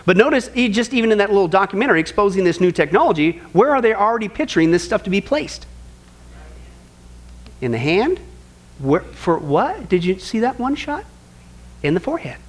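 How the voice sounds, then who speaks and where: A man with a notably high voice preaches a Bible study with strong emphasis. He calls his listeners folks, stacks repeated phrases and fires off rhetorical questions. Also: big pitch swings, brisk, pauses often. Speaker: Bible prophecy teacher. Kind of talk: sermon-style Bible study.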